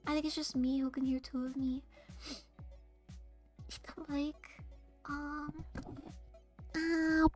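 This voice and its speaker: A young woman streamer chatting casually on a livestream, talking quietly in a flat monotone. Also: high voice, slow pace, pauses often, soft background music. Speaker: VTuber streamer. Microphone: desk streaming mic.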